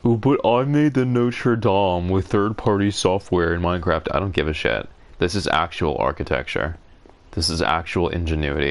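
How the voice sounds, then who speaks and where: A man streaming a game, talking to himself in a casual, wry, musing way, congested from a cold. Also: low voice. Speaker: gaming streamer. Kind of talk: casual solo gameplay commentary.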